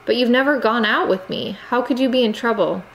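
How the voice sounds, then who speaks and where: An exasperated American teenage boy, earnest and insistent, his voice climbing as he pleads. A woman reads him aloud in a storybook narration. The tone stays close to an everyday voice, lifted a little higher. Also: fairly quick, creaky, slight background noise, rough recording. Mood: pleading.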